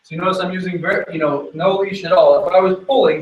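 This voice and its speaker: A man working as a dog trainer, explaining his method while giving quick commands to a dog during an on-location training demonstration. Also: sits high, steady tone, reverberant, recorded from a distance, muffled recording.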